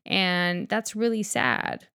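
Frank low-voiced woman chatting freely. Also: animated, slow, vocal fry, pushed and bright, clear, resonant tone. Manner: frank, rambling, swears freely, filler-heavy. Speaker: podcast co-host. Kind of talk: casual chat.

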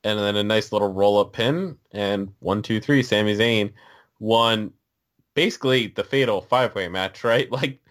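A man's voice: fairly low pitch, moderate pace, fairly bright tone. A man co-hosting a casual podcast chat, loose and chatty, asking questions and laughing often. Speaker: podcast co-host.

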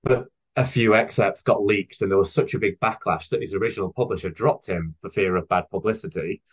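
Talking briskly in a fairly low, slightly rough voice, a guest author in his thirties chats on a podcast. He's eager and rambling, sprinkling in plenty of fillers, with dull lo-fi audio quality.

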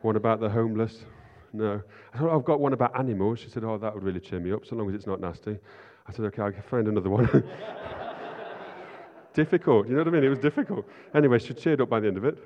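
A man's voice: fairly low pitch, rapid-fire, hardly any pauses. A man preaching an informal sermon, chatty and self-deprecating, often asking "right?". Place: church hall. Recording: lo-fi sound in a reverberant hall.

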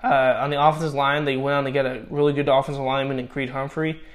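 Man grading draft picks, voice going hoarse. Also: mid-range voice, flat delivery. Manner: halting, many restarts and fillers. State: losing his voice, voice cracking. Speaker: football draft analyst. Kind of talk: casual draft grades commentary.

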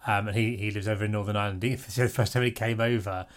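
A man's voice: lowish voice, fairly even intonation, fast. A man co-hosting a casual chat, telling anecdotes with a dry, teasing manner. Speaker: podcast co-host.

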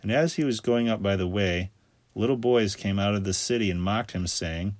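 A man reading scripture aloud in a steady, measured recitation. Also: fairly low pitch, dry recording. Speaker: scripture reader.

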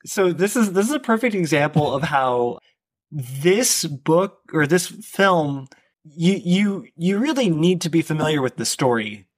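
A man co-hosting a podcast with a somewhat high voice. He talks casually and deliberately, restarting sentences as he thinks. His points build slowly. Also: expressive, breathy edge. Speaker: podcast co-host. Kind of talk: casual film discussion.

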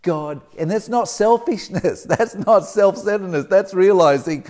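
Male preacher, lively storytelling delivery, expressive pitch. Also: normal speed. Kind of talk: storytelling sermon.

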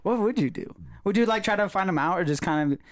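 Slightly high, musing young-sounding man. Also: expressive, quick pace. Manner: musing, hesitant. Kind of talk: casual chat.

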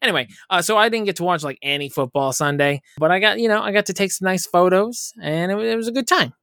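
A man's voice: high-pitched, quick pace, pushed and bright, clean tone, dry recording, studio quality. A young man co-hosting a casual podcast chat, joking and swearing as he tells stories. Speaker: podcast co-host.

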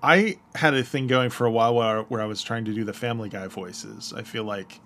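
A man's voice: mid-range voice, brisk, fairly bright tone. A man co-hosting a podcast, chatting casually in a hesitant, self-deprecating way with many fillers. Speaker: podcast co-host. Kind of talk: casual chat.

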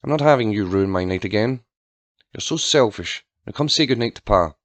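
A man voicing a shrill, selfish mother who barks orders and scolds. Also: animated, brisk, no echo, close to an everyday voice. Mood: scolding.

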